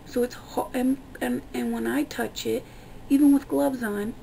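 A young woman with a gravelly, slightly high voice rants casually to camera, exasperated and swearing freely. Her tone is mellow and dark rather than bright. A faint hiss of noise sits under the recording. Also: steady tone, unhurried, rough recording. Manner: exasperated, profane ranting. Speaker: vlogger. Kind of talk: casual ranting vlog.

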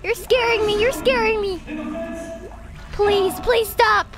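Frantic, high-pitched woman streamer. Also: steady tone, slow pace. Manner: panicky, yelps and nervous laughter, frantic repeats. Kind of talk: live horror gameplay commentary. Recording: loud game music and effects behind the voice.

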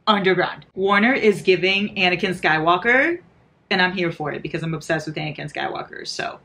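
Bright-voiced giddy woman reacting to a book. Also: fairly low pitch, expressive, brisk, vocal fry. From United States. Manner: giddy, dramatic reactions with frequent laughter. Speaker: book vlogger. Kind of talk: casual reading vlog commentary.

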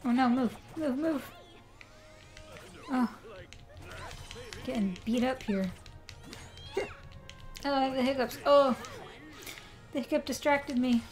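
A woman's voice: high-pitched, slow, pauses often, darkish tone, soft background music. A young woman chatting to herself as she plays a video game on a live stream. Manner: chatty, talks to herself while playing. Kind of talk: live-stream gameplay commentary.

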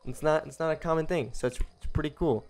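A young man giving casual, rambling commentary as he streams a video game, breaking into excited exclamations and cutting himself off mid-sentence. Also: a little high, fast, vocal fry. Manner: chatty and rambling, with excited exclamations and self-interruptions. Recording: faint game music behind.

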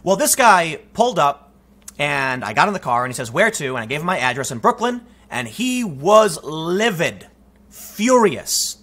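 Male political commentator, emphatic and talky; forceful delivery with a husky rasp. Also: on the high side, big pitch swings, normal speed. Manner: emphatic, conversational, frequent restarts. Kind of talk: opinion commentary, storytelling.

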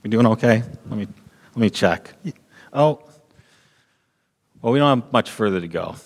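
A man preaching a sermon as pastor in a church sanctuary, measured and deliberate, repeating key lines for emphasis. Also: on the low side, expressive, vocal fry, long reverb tail.

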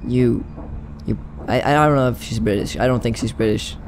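A man's voice: medium pitch, normal speed, over music. A young man chatting casually and rambling through a game playthrough, giggling often. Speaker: gaming YouTuber. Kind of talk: let's play commentary.

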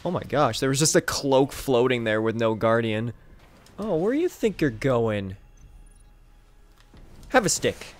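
Excitable young man narrating his gameplay. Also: mid-range voice, unhurried, long pauses. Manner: excitable, swings between mumbled asides and yelps. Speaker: gaming YouTuber. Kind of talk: casual gameplay commentary.

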